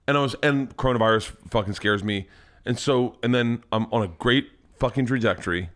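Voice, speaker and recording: A man in his forties co-hosting a casual podcast, telling stories animatedly and acting out the quotes, with bursts of loud laughter. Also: mid-range voice, fairly quick. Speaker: podcast co-host. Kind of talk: casual storytelling chat.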